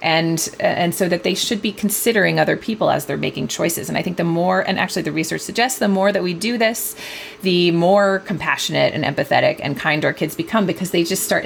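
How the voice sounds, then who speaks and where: A woman talks through parenting ideas as an interview guest, in a lowish voice with a gravelly edge. She speaks thoughtfully, pausing often with fillers and starting sentences over. It sounds like an easygoing conversation. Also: slight background noise. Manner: thoughtful, many fillers and restarts. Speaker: guest author, parenting expert; mother.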